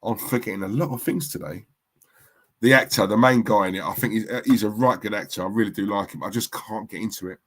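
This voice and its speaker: A man with a lowish voice talks fast while hosting a live stream. He chats casually, reads out viewer comments, and rambles, repeating himself often.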